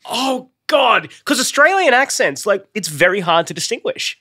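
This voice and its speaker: A man's voice: sits high, sing-song, brisk, pushed and bright, no echo. A man co-hosting a casual studio interview, asking eager questions, laughing often and swearing casually. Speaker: podcast co-host. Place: podcast studio.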